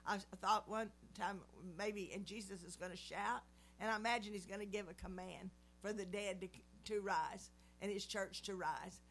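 A woman's voice: medium pitch, steady tone, normal speed, a bit bright, slight background noise. A woman in her seventies praying and giving an earnest devotional teaching. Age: 70s. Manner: earnest, preacherly. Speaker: Christian speaker.

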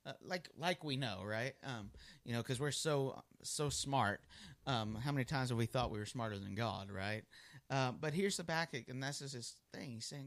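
A man's voice: medium pitch, normal speed, fairly bright tone. A male pastor preaching a sermon in a loose, conversational way, full of ums and restarts.

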